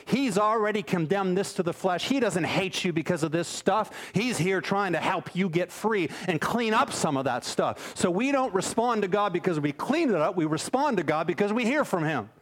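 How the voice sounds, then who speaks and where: A man preaching a sermon, telling a story with an animated delivery that moves between urgent and hushed. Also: high voice, normal speed, hardly any pauses.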